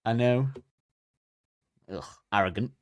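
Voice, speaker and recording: A man's voice: mid-range voice, slow, clean tone, dry recording, muffled recording. A British man co-hosting a podcast, chatting casually and mockingly, often acting out other people's voices and swearing. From Britain. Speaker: podcast co-host. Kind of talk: casual comedic chat.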